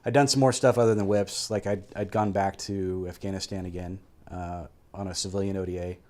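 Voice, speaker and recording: A man guest telling a story in a casual, animated way, swearing freely and acting out quoted voices. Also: deep voice, fairly quick. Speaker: guest, military veteran.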